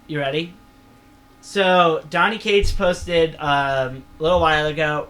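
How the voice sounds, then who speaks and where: A man's voice: on the high side, steady tone, unhurried, a bit bright, smooth. A young man co-hosting a casual comics podcast, eager and laughing often. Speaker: podcast co-host.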